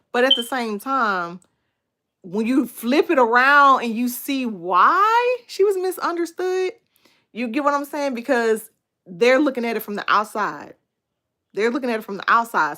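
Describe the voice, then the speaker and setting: Young woman on her phone live, chatty and animated, talkin to viewers like friends. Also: on the high side. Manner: baby talk to her little son. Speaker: livestream host. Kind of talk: casual livestream chat.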